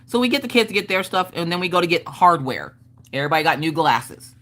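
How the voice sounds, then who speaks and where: A woman hosting a casual livestream, telling animated stories from home, swearing casually and laughing often. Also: lowish voice, fast. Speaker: livestream host. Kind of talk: casual chat storytelling.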